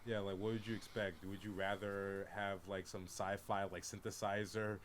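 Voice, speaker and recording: A man's voice: lowish voice, flat delivery, moderate pace, crowd noise. A young man in a casual podcast chat, joking around and stumbling over his words.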